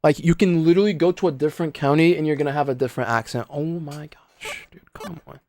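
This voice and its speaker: A man's voice: a little high, fast talker, darkish tone, a little hiss or hum. A young man from Brazil, chatting casually on a speedrun stream in rambling, slangy speech and muttering at his own gameplay. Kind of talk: casual livestream chat while playing.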